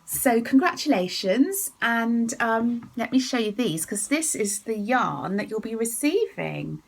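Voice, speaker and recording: A woman hosting her knitting podcast from home, chatting and giggling, often dropping into a soft whisper. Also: a little high, very animated, a little slow, vocal fry, poor audio. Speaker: podcast host. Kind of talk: casual chat about knitting.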